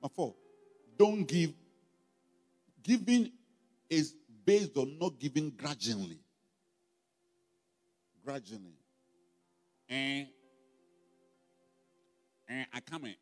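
Ghanaian man, pastor, sermon, high voice, reverberant hall, faint music underneath. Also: expressive, slow, long pauses, darkish tone. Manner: emphatic, call-and-response questions to the congregation. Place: church hall.

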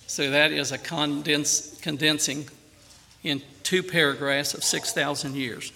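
A man preaching a sermon earnestly, with emphatic rises on key phrases and a quieter, softer voice in prayer. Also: a little high, level tone, measured pace, creaky.

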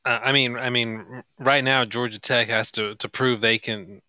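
A man's voice: medium pitch, flat delivery, moderate pace, sharp tone, smooth, no room sound, dull audio. A man co-hosting a sports podcast, giving blunt, critical opinions in casual talk. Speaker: podcast co-host.

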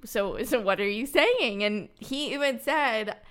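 Woman podcaster, bit high voice, chatty and opinionated, quotes people. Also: lively intonation, measured pace, a bit bright. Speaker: podcast co-host. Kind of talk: casual chat recapping a dating show.

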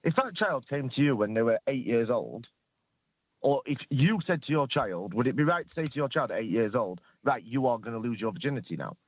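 A man's voice: medium pitch, breathy edge, no echo. A man on a radio phone-in arguing his point with stammering restarts, heard over a phone line. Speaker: caller.

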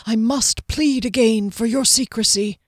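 A woman's voice: a little high, measured pace, no room sound, studio quality, pitched above the performer's own voice. A woman voicing a reserved, secretive male swordsman who speaks formally and earnestly.

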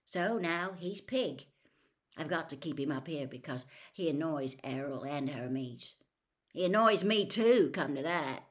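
A woman's voice: deep voice, expressive, a little slow. Ron Weasley, read by a woman, sarcastic teen boy. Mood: grumbling. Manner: sarcastic, grumbling. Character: grumbling sarcastic teenage boy wizard.

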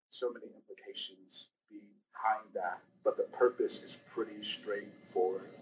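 A young man preaching a sermon in a lively, conversational way, slipping in slang and acted asides. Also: medium pitch, distant mic, slight background noise, low-quality recording. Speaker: pastor.

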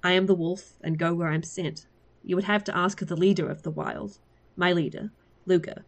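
A woman reading aloud, voicing a masked male assassin who speaks calmly and bluntly. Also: on the low side, moderate pace, lightly acted. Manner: calm, flat, matter-of-fact. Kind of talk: read-aloud story.

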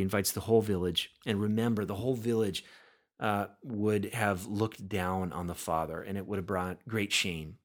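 A man preaching a sermon in a somewhat low voice. He talks earnestly, often repeating words as he builds toward a point. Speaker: pastor.

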